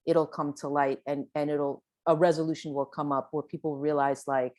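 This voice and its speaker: A woman's voice: sits low, little pitch movement, normal speed, few pauses, darkish tone. A woman speaking on a panel discussion, conversational, with frequent restarts and "right?" tags. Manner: conversational, with restarts and light laughs; questioning, says "right?" often.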